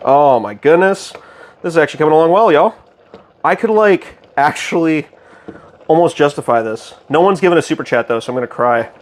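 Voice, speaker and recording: A young man casually chatting with his stream chat while cooking, excitable, goofy and loud. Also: on the high side, fairly quick, a little hiss or hum.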